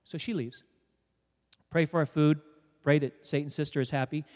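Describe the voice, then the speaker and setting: A man's voice: on the high side, steady tone, moderate pace, darkish tone. A man preaching a sermon to a congregation, telling a story and joking with the crowd. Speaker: pastor. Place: church sanctuary. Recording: preached in a hall with long reverb.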